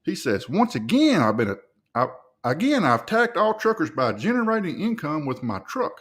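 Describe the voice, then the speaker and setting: A man hosting a podcast, reacting to videos with loud, profane, mocking commentary. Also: fairly high pitch, sing-song, moderate pace.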